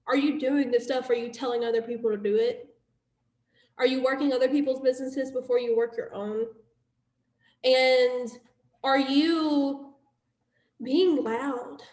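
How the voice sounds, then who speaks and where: A woman leading a team video call, giving an excitable, laughing pep talk about being loud. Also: sits high, unhurried, long pauses, echoey room, low-quality recording. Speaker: team leader hosting a call.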